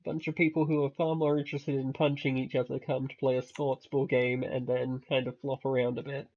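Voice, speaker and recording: A man running a tabletop game, calmly explaining the rules in casual chat. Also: medium pitch, brisk, highs cut off.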